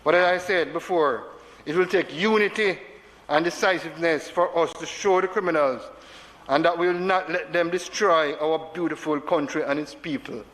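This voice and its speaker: Delivering an emotional speech in parliament, a Jamaican-accented senator repeats key phrases for emphasis. His voice is a little high and fairly bright, moving at normal speed. The large chamber reverberates, with faint background noise.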